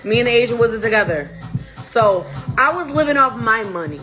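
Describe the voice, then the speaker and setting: A woman on a livestream, telling a long night-out story in a blunt, profane, animated way. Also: a little high, brisk. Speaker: livestream host. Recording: clear music behind the voice.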